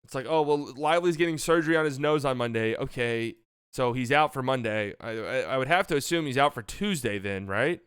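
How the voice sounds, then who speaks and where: A man's voice: mid-range voice, fairly quick, a bit bright, clean tone, no echo, studio quality. A young man hosting a casual basketball talk show, ranting with exasperation and repeating himself. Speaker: sports podcast host.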